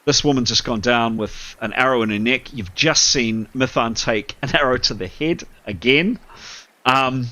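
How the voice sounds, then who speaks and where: A man's voice: mid-range voice, normal speed, pushed and bright. A man running a tabletop game as game master, narrating with many fillers and apologies.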